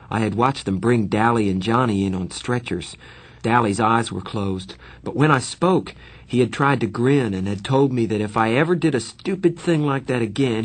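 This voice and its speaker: A man narrates a novel in the first person, his low voice a little husky. He keeps an even storytelling manner and slips into light character voices for the dialogue. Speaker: audiobook reader. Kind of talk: scripted narration.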